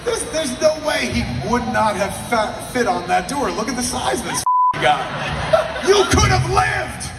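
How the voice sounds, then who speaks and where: A man's voice: very high voice, expressive, normal speed, a loud crowd. A man chatting and joking while out with a vlogger. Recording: echoey, distant, with loud music. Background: loud music.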